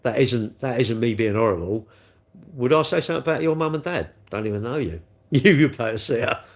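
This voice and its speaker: A man's voice: mid-range voice, lively intonation, a little fast. A middle-aged man rambling cheekily on a live stream, answering chat comments as he goes. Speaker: livestream host.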